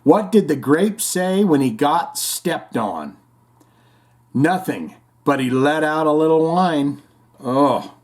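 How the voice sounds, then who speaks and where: Male podcast host, slightly high voice, rambling, jokey, casual chat. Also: expressive, takes it slowly, a little mellow. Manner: rambling, jokey, puts on silly voices for punchlines. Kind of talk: casual chat reading listener comments.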